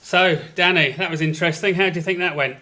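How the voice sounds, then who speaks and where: A man with a slightly raised pitch who plays the straight estate agent, polite and matter-of-fact. A faint hiss sits behind his voice. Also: fast, pushed and bright. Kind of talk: comedy sketch scene partner.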